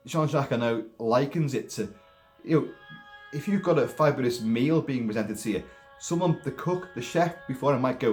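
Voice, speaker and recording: A man talking casually about a film, rambling in an animated way with many restarts and put-on voices. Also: mid-range voice, brisk, faint music behind. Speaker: film commentator.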